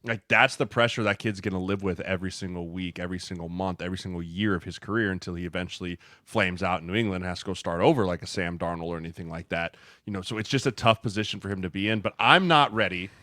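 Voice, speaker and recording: A man co-hosting a casual podcast who lays out his arguments in a measured way, with casual slang. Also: low voice, pushed and bright, no echo. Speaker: podcast co-host.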